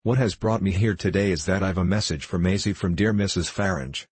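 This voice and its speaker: A stubborn older governess speaking out with firm, earnest spirit, read by a man in a deep, husky voice. The sound is dry and close. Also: a little fast, no echo. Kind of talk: audiobook reading.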